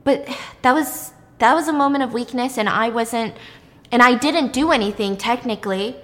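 A nervous, guilty surgeon stammers and protests in a fluster, as a woman puts it on. The voice runs a little high. Long reverb trails after it. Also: moderate pace, fairly bright tone, natural voice.

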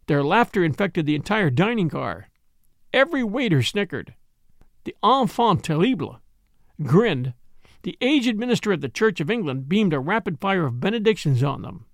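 A man narrating an old novel in a measured way. His voice is high and swings widely in pitch, with noticeable gravel. The recording is dry and close. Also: sing-song, dry recording. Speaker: audiobook narrator. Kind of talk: scripted narration.

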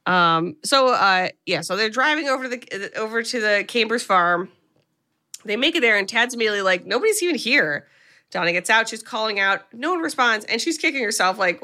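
Bright-voiced woman retelling a film plot. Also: medium pitch. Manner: chatty, swears casually, quotes characters with small voice shifts. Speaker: podcast co-host.

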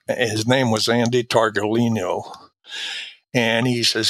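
Older guy from quebec, gravelly voice, dry close sound, rambling stories full of uh's. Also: mid-range voice, steady tone, a little slow, a bit bright, no room sound. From Quebec, Canada. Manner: rambling anecdotes with many fillers, acts out quoted dialogue. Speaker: guest, retired drug agent. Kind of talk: storytelling interview.

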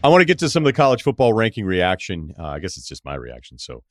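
A middle-aged man from Massachusetts hosts a sports talk podcast in a loose, profane, conversational way. His voice sits very low, and the recording is dry and close, with no room sound. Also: huge pitch swings, no echo. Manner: conversational, profane, quick asides. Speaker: podcast host. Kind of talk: casual interview and sports talk.

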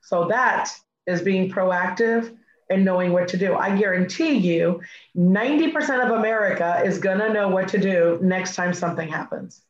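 A middle-aged woman speaking as a guest, telling a personal story in an animated way and acting out her own side of past conversations. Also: medium pitch, normal speed. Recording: echoey, slightly muffled recording.

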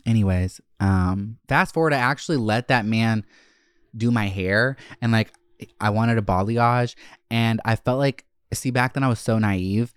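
A man hosting a podcast, telling stories in a brash, profane, animated way and acting out quotes. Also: lowish voice, measured pace, clean tone, no room sound, studio quality. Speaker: podcast host. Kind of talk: casual storytelling chat.

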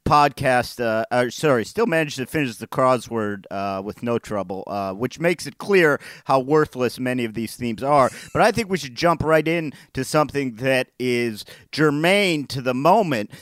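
A man's voice: medium pitch, expressive, normal speed, few pauses, a bit bright, dry recording. A man co-hosting a podcast, chatting casually and ranting in a joking, mock-indignant way. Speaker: podcast co-host. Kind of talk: casual chat. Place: New York City.

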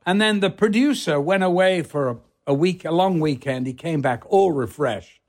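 A man telling a colorful anecdote as an interview guest, theatrical and animated, acting out other people's voices and swearing freely. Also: fairly high pitch, moderate pace. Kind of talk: anecdotal storytelling.

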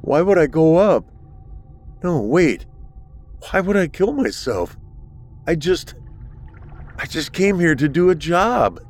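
A man voicing a panicked man, high-pitched, stammering, raised voice. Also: very animated, takes it slowly, long pauses, darkish tone, heavily acted. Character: frightened man in over his head.

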